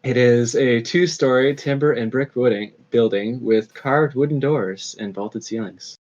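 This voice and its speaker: A man narrating as game master of a tabletop game, unhurried and hesitant, with many fillers. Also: mid-range voice, darkish tone. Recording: slightly dull lo-fi audio.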